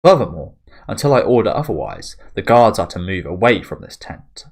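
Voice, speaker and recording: A man's voice: low voice, sing-song, moderate pace, exaggerated voice. A man reading out a proud young woman knight commander who gives curt, imperious orders. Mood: commanding.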